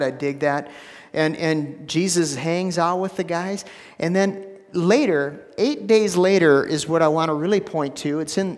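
A man's voice: a little high, in a large hall. A man preaching a sermon as pastor, casual and conversational, with repeated words and asides. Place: church sanctuary.

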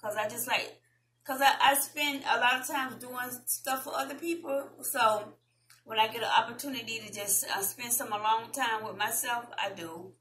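A woman with a Southern US accent, chatting casually with viewers as a vlogger and reading an article aloud in a slow, deliberate way. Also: a little high, fairly bright tone, slight background noise, low-quality recording.

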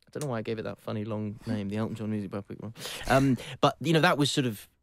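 A man's voice: fairly low pitch, fast talker. Welsh man, reflective and self-deprecating. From Wales. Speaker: actor guest. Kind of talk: casual interview chat.

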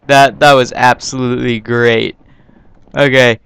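A young man hosting a gaming channel, giving casual, excitable commentary on his own gameplay with yelps and laughs. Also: mid-range voice, measured pace, gravelly, clear, resonant tone.

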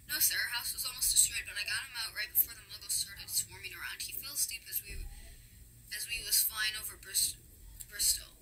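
Woman reader as a tearful, deferential giant man in a storybook; bright, lightly raised voice. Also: high voice, steady tone, a little fast, a little hiss or hum, low-quality recording. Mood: eager. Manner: tearful, plain-spoken, deferential. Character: huge wild-haired male giant, soft-hearted.

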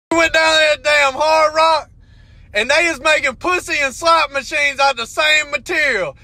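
A middle-aged man, telling a crude comic story in a loud, drawling rant from inside a vehicle. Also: very high voice, steady tone, normal speed. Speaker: comedian. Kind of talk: comedic rant to camera.

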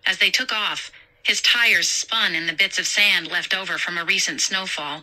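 A woman narrating a horror story in a steady, measured way. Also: lowish voice, low-quality recording.

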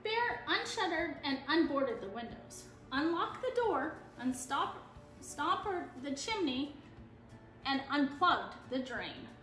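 A woman reading a children's picture book aloud in an expressive, animated storytelling manner. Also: sits high, slow, roomy sound, faint music behind.

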